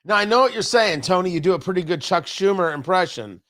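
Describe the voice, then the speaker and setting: A man's voice: high voice, expressive, quick pace, fairly bright tone. A man hosting a political talk show from a studio, talking in an indignant, mocking and emphatic way. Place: radio studio.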